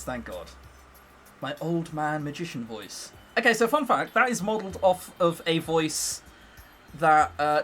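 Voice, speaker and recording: Lively-voiced English man streaming. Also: a little high. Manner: joking, self-mocking, chatty. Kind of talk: casual livestream commentary.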